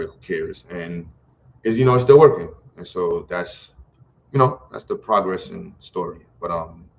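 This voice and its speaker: A man's voice: low-pitched, darkish tone, a little hiss or hum. A middle-aged man, talking casually and loosely in slang, full of restarts, as a guest on a livestream. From Brooklyn, New York. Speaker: guest, educator running a program.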